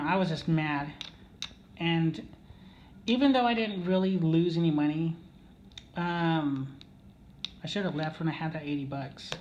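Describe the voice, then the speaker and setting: A man's voice: on the high side, dull audio, slight background noise. Rambling man telling a casino story. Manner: rambling, many fillers and restarts, asks "okay?" often. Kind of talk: casual storytelling monologue.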